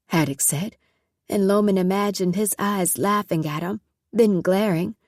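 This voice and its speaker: A woman narrating a story in a measured, scripted audiobook reading. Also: medium pitch, lively intonation, a little mellow, dry recording, clean studio sound.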